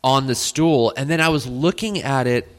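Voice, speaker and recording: A man's voice: medium pitch, normal speed. A man who is a guest comedian, chatting in an easygoing, wry way about comedy clubs. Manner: easygoing, wry, trades club stories. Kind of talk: casual comedy chat.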